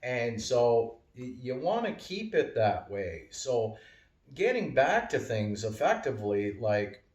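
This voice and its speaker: Man, rambling casual monologue, mid pitch, echoey room, sitting back from the mic. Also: very animated, slow pace, darkish tone. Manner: rambling, lots of fillers and wordplay. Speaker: vlogger. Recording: roomy, distant from mic.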